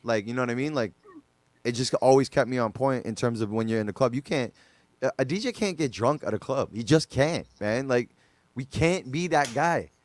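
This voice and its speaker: A man's voice: medium pitch, expressive, normal speed. A man, a DJ guest on a podcast, telling stories casually with loose slang and lots of fillers.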